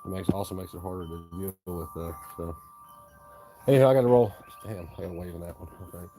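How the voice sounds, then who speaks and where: A man's voice: low-pitched, steady tone, fast, music in the background. Profane man vlogging outdoors. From East Tennessee. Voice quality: blunt, profane, rambling. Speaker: handyman vlogger. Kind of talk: casual chat while working. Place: outdoors at a rural work site. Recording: loud outdoor background noise.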